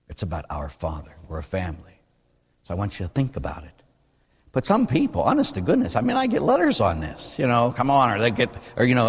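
Brief: male Catholic priest preaching in a church, lively delivery, reverberant room. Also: on the low side, husky. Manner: animated preaching, rising to near-shouting when stirred. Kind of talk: sermon.

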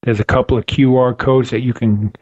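A man's voice: medium pitch, fairly even intonation, fairly quick, darkish tone, breathy edge. Earnest preacherly man, dull lo-fi sound. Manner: earnest, preacherly emphasis with repetitions. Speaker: podcast host. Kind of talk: faith podcast conversation.

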